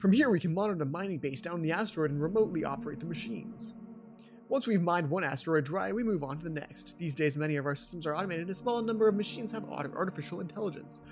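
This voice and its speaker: A man's voice: fairly high pitch, lively intonation, quick pace, soft background music. A man voicing a verbose male mining station manager in a game, speaking formally with a put-on accent that keeps changing. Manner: wordy, overly formal, wandering put-on accent.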